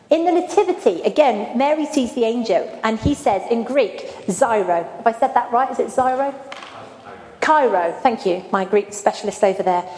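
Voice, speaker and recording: Woman preacher, higher voice, chatty sermon, long church reverb. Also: a little mellow, slight background noise. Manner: conversational, asks the congregation questions. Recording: echoey church hall with faint ambience.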